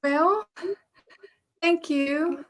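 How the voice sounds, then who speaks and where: A woman voicing a lonely, nervous married woman in a live play reading, talking in giggly, hesitant stops and starts. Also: high-pitched. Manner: giggly, hesitant, halting restarts.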